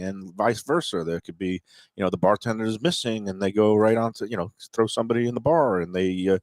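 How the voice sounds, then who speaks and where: A man co-hosting a talk show, chatting casually in a relaxed way with fillers. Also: medium pitch, dry recording. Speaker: show co-host. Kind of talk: casual chat.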